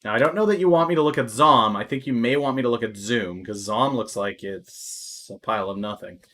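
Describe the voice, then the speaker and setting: Male market streamer, mid-pitched, rambling and filler-heavy, with mock-panic outbursts and crude asides. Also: brisk. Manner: chatty, thinking aloud with many fillers; swings into loud exaggerated alarm. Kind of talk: live-stream market commentary.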